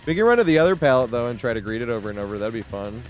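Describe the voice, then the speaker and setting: A man's voice: medium pitch, sing-song, racing, loud music behind the voice. A young man streaming a game, chatting casually with frequent swearing and laughter. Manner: rambling, swears a lot, laughs often. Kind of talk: casual live-stream chat.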